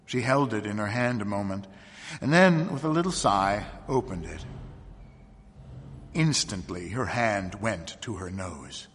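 A man narrating a story aloud in a measured, hushed reading voice. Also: mid-range voice, lively intonation, husky, big-room sound.

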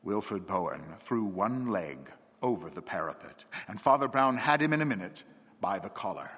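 A man reading a story aloud as narrator, in a measured, unhurried way. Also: lowish voice, lively intonation, a bit bright, husky. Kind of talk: audiobook-style story reading. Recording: long hall reverb.

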